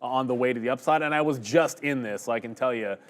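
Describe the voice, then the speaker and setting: A man's voice: mid-range voice, fast talker. A man talking through his trades on a live market stream, casual and thinking aloud, with fillers and restarts. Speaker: day trader co-host. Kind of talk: live trading commentary.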